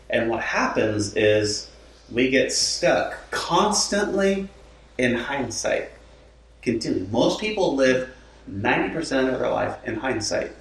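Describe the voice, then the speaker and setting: Pastor talking in a roomy space. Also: male voice, medium pitch, takes it slowly. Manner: lively, acts out quoted inner talk, laughs often. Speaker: lead pastor. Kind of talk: casual chat. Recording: roomy sound from a distant mic.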